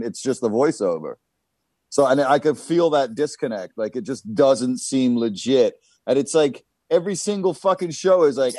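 A man chatting casually on a podcast, rambling and swearing freely as he riffs on what he's been watching. His voice sits at an ordinary middle pitch and is recorded dry and close, with almost no room sound. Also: no room sound. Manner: profane, rambling, animated storytelling. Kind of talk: casual chat.

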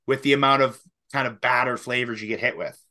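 Bright tense canadian guy co-hosting a podcast, rambly, laughs a lot. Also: mid-range voice, steady tone, quick pace. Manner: rambling, swears casually, laughs often. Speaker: podcast co-host. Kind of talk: casual chat.

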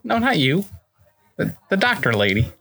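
A player voicing a cheeky, lanky rogue, bright and breezy. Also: medium pitch, sing-song, moderate pace. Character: tall, thin, cheeky male rogue.

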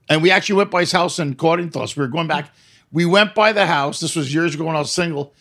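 A man chatting casually, telling stories in an excitable way. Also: on the high side. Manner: fast, excitable storyteller, says "man" a lot. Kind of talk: casual chat.

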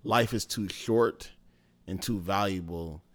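A man with a very deep voice co-hosts a podcast, slowly and reflectively talking through his opinions in casual chat with plenty of filler words.

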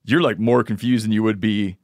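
A man hosting a podcast in casual conversation, thinking out loud and acting out imagined scenes. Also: fairly low pitch, steady tone, a little fast, dry recording, studio quality. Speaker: podcast host.

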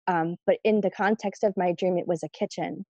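A woman recounting a personal story as an interview guest, rambling loosely with plenty of "like" and "um". Her voice is mellow and soft-edged, recorded close and dry. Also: lowish voice, fairly even intonation, a little fast, dry recording, highs cut off. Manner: chatty, lots of fillers, "like" and "you know".

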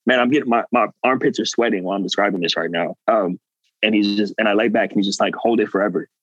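This guest has a fairly low voice and moves at a quick clip, recounting something from his own life with earnest energy. He acts out quotes along the way in a casual, animated telling, and the audio is lo-fi.

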